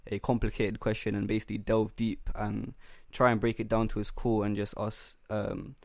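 A young man hosts a casual podcast, speaking in a fairly low voice. He steers the talk and reads out the questions, and the sound is dry and close to the mic. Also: level tone, moderate pace, no echo. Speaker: podcast host. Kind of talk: casual chat.

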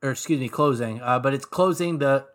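A man in a medium-pitched voice talks about music as a podcast co-host. He rambles, leaning on fillers like "like" and "um". His delivery is relaxed and keen. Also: a little fast.

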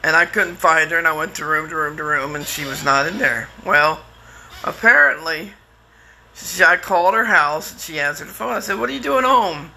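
Middle-aged guy rambling thru his story, gravelly voice, kinda high, lots of uh and restarts. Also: normal speed, bright, forceful tone. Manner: rambling, with frequent restarts and fillers; candid and plainspoken, sometimes swears. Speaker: man telling his life story. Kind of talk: casual personal storytelling.

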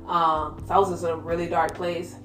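Young woman telling her testimony, kinda low voice, roomy echo, soft music under. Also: little pitch movement, brisk. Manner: candid storytelling, many "like" fillers, slangy. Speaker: guest sharing her testimony. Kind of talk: casual faith conversation.

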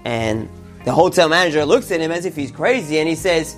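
A man telling a religious story and drawing its lesson, with animated emphasis on key words. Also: fairly high pitch, fairly quick, faint music behind.

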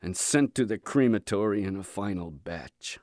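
A man reading aloud and voicing a weary, despairing fellow prisoner who speaks in a hushed, flat tone. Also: lowish voice, normal speed, no room sound, clean studio sound, natural voice. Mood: grim.

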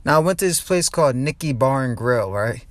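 A man's voice: medium pitch, expressive, fairly quick, no room sound. A young man from New Jersey, a comedian hosting his own podcast, ranting heatedly and with lots of profanity from his car. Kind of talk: angry ranting podcast monologue.

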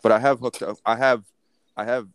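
A man's voice: medium pitch, fairly even intonation, a little fast, clean tone, no echo. A young man co-hosting a casual podcast, joking crudely and swearing freely. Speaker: podcast co-host.

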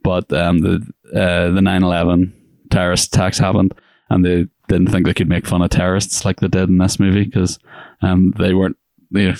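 A man's voice: deep voice, vocal fry, darkish tone, dry recording, clean studio sound. A man co-hosting a podcast, chatting casually about a film, rambling and laughing, acting out lines. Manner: rambling, laughs often, acts out quotes. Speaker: podcast co-host. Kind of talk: casual movie chat.

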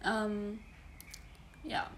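Young woman, German accent, solo podcast host, monotone, rambling with fillers, faint background noise. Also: mid-range voice, very slow. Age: around 20. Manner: rambling, self-correcting, many fillers. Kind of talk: casual solo podcast monologue.

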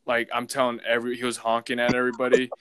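Clear-voiced man telling a rambling story. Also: mid-range voice, monotone, rapid-fire, fairly bright tone, no echo. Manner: rambling, lots of fillers and swearing. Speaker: podcast host telling stories. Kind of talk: casual chat.

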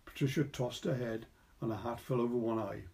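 A Welsh man narrates a short story with a measured, steady delivery. His voice sits mid-range and sounds warm and mellow. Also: mid-range voice, creaky. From Wales. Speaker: reader. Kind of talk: scripted narration.

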